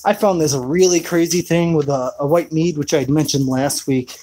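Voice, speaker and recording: A man's voice: a little high, steady tone, normal speed, dark tone, poor audio. A man rambling through a laid-back live chat outdoors in his rainy backyard, full of fillers. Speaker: homesteading vlogger.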